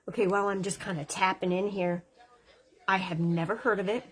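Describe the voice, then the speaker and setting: A woman's voice: medium pitch, slightly rough. Woman in her fifties, home makeup vlogger, chatty and effusive, talking to the camera mic. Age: 50s. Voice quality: gushing, chatty, quick asides. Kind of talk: casual makeup tutorial chat. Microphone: camera mic, lapel not worn.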